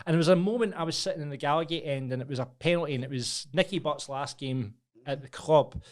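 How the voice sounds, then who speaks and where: Fast-talking Scottish man chatting football. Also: a little high. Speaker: podcast co-host. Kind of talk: casual football chat. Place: podcast studio.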